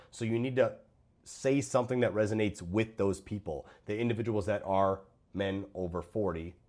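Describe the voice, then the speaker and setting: Hosting reviews of fitness coaches' videos, a man reacts bluntly and with plenty of profanity to other creators' content. His voice sits on the low side and sounds a little mellow.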